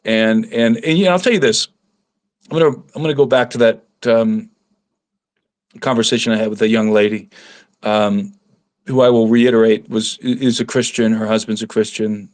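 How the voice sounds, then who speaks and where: A man speaking as a guest researcher, telling a story in an earnest, halting way with many restarts. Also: lowish voice, steady tone, darkish tone. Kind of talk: casual storytelling.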